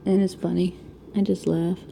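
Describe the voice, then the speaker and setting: A woman's voice: fairly low pitch, little pitch movement, moderate pace, vocal fry, mellow, slight background noise. A woman from Connecticut, around her thirties, with a Connecticut accent, chatting and rambling casually at home while she crafts, picked up by the camera mic. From Connecticut, USA. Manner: rambling, chatty, laughs often. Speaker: crafting vlogger. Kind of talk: casual chat while diamond painting.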